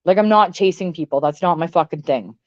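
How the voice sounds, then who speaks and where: Woman streamer, lower voice, blunt and swearing, rambling rant to chat; dry, slightly dull mic. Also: brisk, a little mellow, dry recording. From Canada. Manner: blunt, profane, rambling with many "like"s. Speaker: livestream host. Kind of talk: casual livestream rant to chat.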